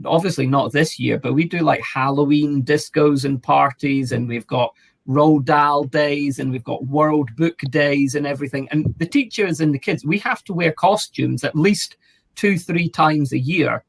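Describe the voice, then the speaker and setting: A man who is a primary school teacher, giving dry, low-key answers in a casual chat. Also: moderate pace, creaky.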